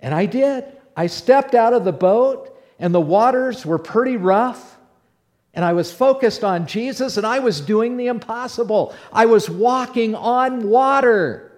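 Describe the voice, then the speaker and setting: A man playing the apostle Peter in a first-person dramatic monologue, telling his story in an animated way that swings between hushed and loud. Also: very high-pitched, measured pace. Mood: awed storytelling. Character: the apostle Peter, bold outspoken fisherman. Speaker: preacher in character.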